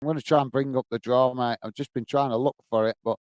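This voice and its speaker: A man's voice: medium pitch, fairly even intonation, fast, a little mellow, no room sound. A man hosting a football watch-along stream, chatting casually and reading out viewer comments to answer them. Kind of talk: live-stream casual chat.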